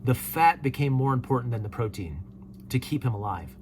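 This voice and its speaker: A man with a mid-range voice chats easily as he reads comments aloud and answers them in a relaxed way. A faint hum runs under the recording. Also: medium pitch, fairly quick. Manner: laid-back, reads comments aloud and replies with chuckles. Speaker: host reading viewer comments. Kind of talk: casual solo commentary.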